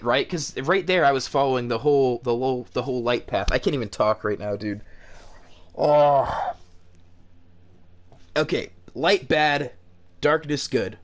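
A young man commenting on a horror game as he plays, nervous and talkative, swearing now and then and shouting when something scares him. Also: mid-range voice. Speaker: gaming video host.

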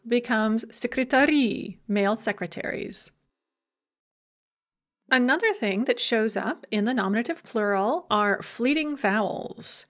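A woman giving a recorded university language lecture, patiently explaining grammar with examples and light humorous asides. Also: a little high. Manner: patient, explanatory, gives example words then translations.

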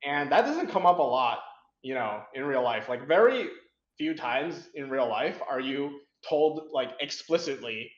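A man's voice: mid-range voice, lively intonation, a little slow. A young man answering interview questions frankly, rambling with many fillers and restarts. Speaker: interview guest, competitive programmer. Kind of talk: casual interview chat. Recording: roomy, dull lo-fi sound.

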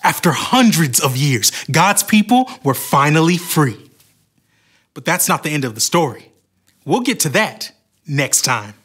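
Storyteller, man, slightly high voice, expressive and warm, for a children's Bible story. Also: measured pace, breathy edge. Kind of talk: scripted Bible story narration.

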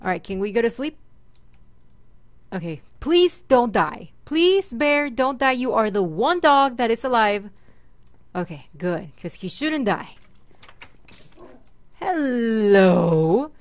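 A woman's voice: on the high side, big pitch swings, takes it slowly, long pauses, no room sound. A young woman chatting her way through a Minecraft let's play, talking to mobs and her pet and squealing when startled. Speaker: gaming channel host.

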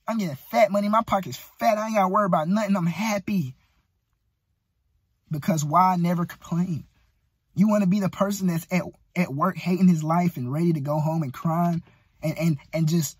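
A man's voice: high voice, animated, fairly quick, husky, no echo. A young man giving a casual, profane motivational rant as a vlogger. He talks bluntly and pushily and keeps saying "bro".

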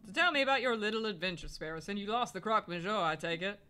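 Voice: mid-range voice, expressive, fast talker, pushed and bright, smooth, faint music behind. A player voicing a hot-tempered male falcon lawyer who snaps back indignantly. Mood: curt. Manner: indignant, snappy.

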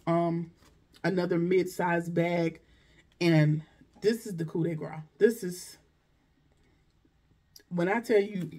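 A woman's voice: on the low side, fairly even intonation, takes it slowly, pauses often, mellow. A woman vlogger chatting casually through a shopping haul, gushing and exclaiming over each item. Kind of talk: casual unboxing chat.

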